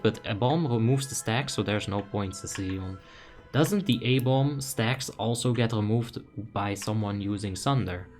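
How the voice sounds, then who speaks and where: A young man from the Netherlands doing casual live gameplay commentary, reading chat aloud with excited bursts. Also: on the low side. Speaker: game streamer.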